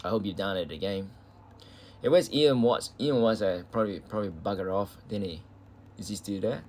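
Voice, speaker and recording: A man's voice: lowish voice, fairly quick, a little mellow, slight background noise. A young Australian man chatting casually with viewers on a game live stream, loose and chatty with the odd swear word.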